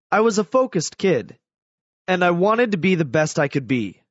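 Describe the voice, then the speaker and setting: Animated high-voiced male storyteller. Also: no room sound, lo-fi sound. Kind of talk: scripted first-person audiobook narration.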